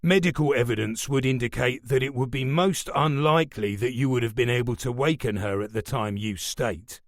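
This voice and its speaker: A man voicing a stern, menacing police superintendent who talks in a measured, remorseless way. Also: medium pitch, dry recording, studio quality, lightly acted. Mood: cold.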